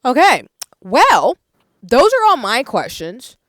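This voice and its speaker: A woman's voice: on the high side, huge pitch swings, slow, dry recording, clean studio sound. A woman hosting a live-streamed panel, thanking people at length with lots of "um"s as she moderates. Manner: warm, effusive thanks, many fillers. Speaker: panel host.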